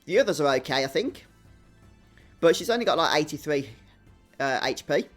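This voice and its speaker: A young man from Birmingham talks through his game stream in a broad Brummie accent, his voice pitched a little high. He chats easily with viewers and laughs at himself, with quiet game music faintly audible behind him. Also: expressive, moderate pace. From England. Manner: chatty, reads and answers chat viewers; self-deprecating, laughs often. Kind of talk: live stream game commentary.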